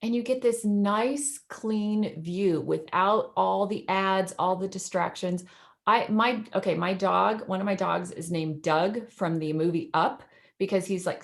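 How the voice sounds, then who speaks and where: A woman teacher walks through a screen-share demo on a video call, chatty and enthusiastic and quick to laugh. Her voice sits at a middle pitch and comes through clearly over the call mic. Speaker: educator presenting in a webinar.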